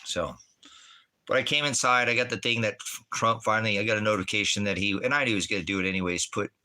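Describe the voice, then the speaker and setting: A man's voice: lowish voice, quick pace, bright, forceful tone. Profane, rambling man ranting at his chat. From Oregon, USA. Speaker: livestreaming vlogger. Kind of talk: casual livestream rant. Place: indoors at home on a farm.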